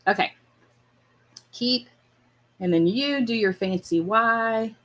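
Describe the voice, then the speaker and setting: A woman's voice: a little high, slow pace. A woman hosting a casual livestream drawing lesson, chatting while she draws and laughing often. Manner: chatty and warm-hearted, laughs often, chats to her dog while drawing. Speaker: art class host.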